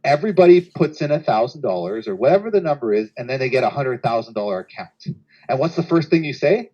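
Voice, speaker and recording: Man, livestream host, casual chat, animated storytelling, acts out voices, dull lo-fi audio. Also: mid-range voice, fast.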